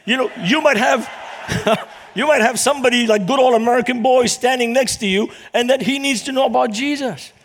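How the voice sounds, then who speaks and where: A middle-aged man from Lebanon, preaching in a lively storytelling manner as a guest speaker. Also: extremely high pitch, a little fast, a little hiss or hum. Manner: animated, acts out quoted voices in anecdotes. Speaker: guest speaker, Christian minister. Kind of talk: storytelling sermon.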